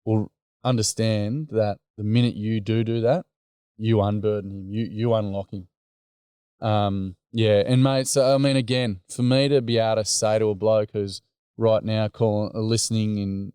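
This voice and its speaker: A man's voice: on the low side, steady tone, a little slow, dark tone, clean tone, no room sound, clean studio sound. An Australian man, a guest who leads men's groups, talking earnestly and plainly in a casual conversation, rambling with many fillers.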